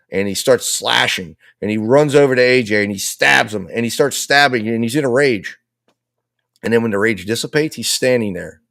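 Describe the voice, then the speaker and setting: A man's voice: fairly low pitch, creaky, fairly bright tone, no room sound, studio quality. A man commenting on a live trial, laying out and arguing with the other side's case in a repetitive, persuasive way. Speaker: legal commentator.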